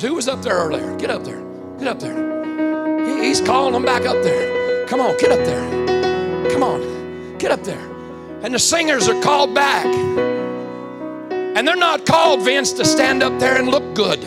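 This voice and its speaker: A man's voice: extremely high pitch, big pitch swings, moderate pace, long pauses, over loud music. A man preaching a sermon, calling out to the congregation with rising fervor. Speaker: pastor.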